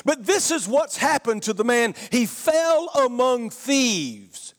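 A middle-aged pastor with a Georgia drawl preaches in a notably high voice, taking his time over each phrase. He builds emphasis and breaks into shouts on the points he wants to land. His voice carries a long reverb, as if he is filling a large sanctuary. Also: very animated, takes it slowly. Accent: Southern US, Georgia. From Georgia, USA. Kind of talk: sermon.

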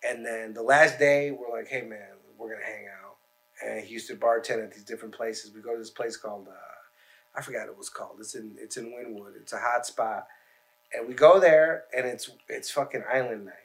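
A man's voice: medium pitch, fairly even intonation, brisk. A man on a podcast telling long, rambling, profane stories in casual chat.

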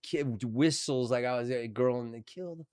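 A man's voice: medium pitch, moderate pace, smooth, no room sound, studio quality. A middle-aged man, an actor telling a story as a podcast guest in casual conversation, acting out what people said and swearing freely. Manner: animated, acts out quotes with swearing.

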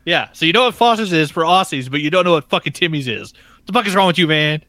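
Bright, teasing man on a podcast. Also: a little high, expressive, quick pace, no echo. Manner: teasing and profane. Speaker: podcast co-host. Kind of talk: casual chat.

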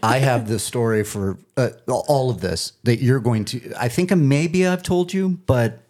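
Guy telling lively stories in a casual chat, yells the bits he quotes, mid voice. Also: medium pitch, unhurried. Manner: animated storyteller, shouts in quoted voices. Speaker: guest, Jaws superfan.

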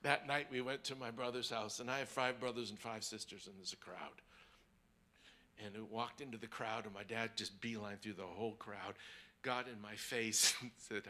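A guest preacher tells a personal story in a fairly low, fairly even voice at a moderate pace. He sinks to hushed, almost whispered tones, then builds to emphatic preaching, often repeating words along the way. There is slight background noise.

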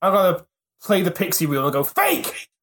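A man's voice: sits high, fast talker, a bit bright. A man co-hosting a casual podcast quiz, laughing often and cracking crude jokes. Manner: giggly, jokey, crude asides. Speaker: podcast co-host, contestant. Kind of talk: casual banter in a quiz game.

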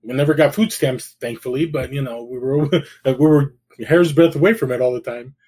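A man's voice: medium pitch, normal speed, dark tone, breathy edge. Middle-aged man from El Salvador, candid storyteller, casual podcast guest. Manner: candid, storytelling, frequent "you know" and restarts. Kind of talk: casual conversation.

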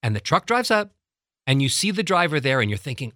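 A middle-aged man working as a voice coach, teaching breathing with lively, acted-out examples. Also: on the high side, fairly quick, no room sound, studio quality. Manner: animated, acts out little scenes and demonstrates breathing. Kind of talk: instructional talk with acted examples.

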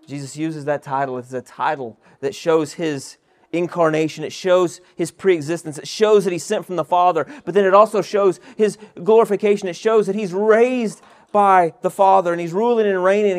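A male pastor preaching an expository sermon, reading scripture verses aloud and asking the listeners rhetorical questions. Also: fairly high pitch.

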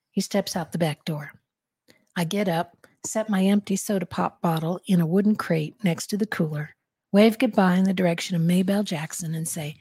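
A woman co-hosting a podcast, reading a novel chapter aloud and then discussing it in a measured, thoughtful way. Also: fairly low pitch, warm tone, husky, no echo, studio quality. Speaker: podcast co-host and reader.

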